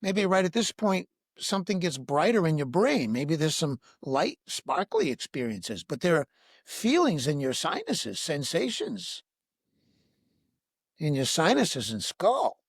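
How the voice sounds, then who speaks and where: High, lively-voiced man guiding a breath meditation. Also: breathy edge, no echo, studio quality. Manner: slow, soothing instructive guidance with repeated questions. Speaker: breathwork teacher, podcast guest.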